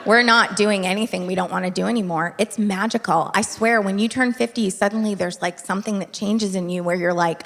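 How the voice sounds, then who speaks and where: A woman in her fifties doing stand-up comedy, telling stories in a wry, deadpan way and acting out big voices for the people she quotes. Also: medium pitch, fairly quick, gravelly, hardly any pauses. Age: 50s. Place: theater stage before a live audience. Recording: live hall with audience laughter.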